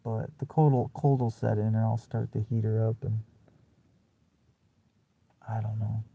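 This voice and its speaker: A man's voice: on the low side, steady tone, brisk, vocal fry, muffled recording. A young man ranting bitterly to camera in a casual vlog, muttering and then flaring into profane outbursts. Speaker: vlogger.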